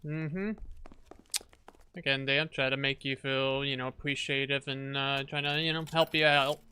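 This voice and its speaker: A man's voice: medium pitch, little pitch movement, normal speed, sharp tone, clean tone. A man casually commenting on a detective game he is playing, rambling and exasperated, often restarting sentences. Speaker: gaming streamer. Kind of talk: casual let's-play commentary.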